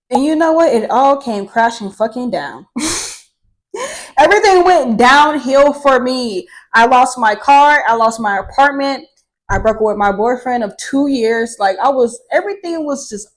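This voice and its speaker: Young woman on camera, a bit high-pitched, blunt and sweary, casual storytelling. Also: poor audio. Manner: candid and profane, swears freely; animated, with laughter. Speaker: vlogger telling her life story.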